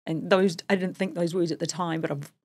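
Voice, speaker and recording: A husky-voiced middle-aged woman speaks candidly in a casual interview, joking at her own expense. Her voice sits a little low for a woman. The sound is dry and close. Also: steady tone, brisk, no echo. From New Zealand. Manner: candid, self-deprecating, chatty. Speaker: podcast guest.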